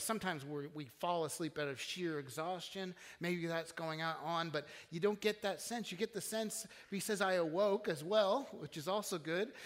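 A man's voice: sits high, a bit bright. Pastor guy preaching, earnest and chatty, restarts a lot, churchy echo. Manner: conversational, earnest, with frequent restarts. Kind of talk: sermon. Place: church sanctuary.

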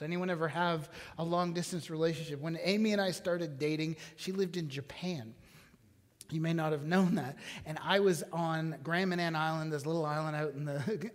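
Pastor preaching in a reverberant hall. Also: male voice, a little high. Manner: conversational, asks the congregation questions. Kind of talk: sermon. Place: church hall.

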